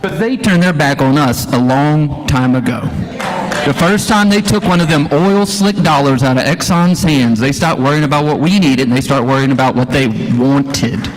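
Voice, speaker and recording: A man's voice: fairly high pitch, moderate pace, a faint crowd. A man, a school teacher, giving a folksy, impassioned town hall speech full of rhetorical questions. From Louisiana. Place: church hall, live audience. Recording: echoey hall, live stream.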